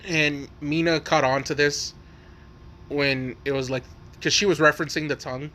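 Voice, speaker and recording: A man with a bright, forceful tone rambles through an improvised fan story. He swears freely, piles on likes and restarts, and sits a bit higher than most men. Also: fairly even intonation, normal speed.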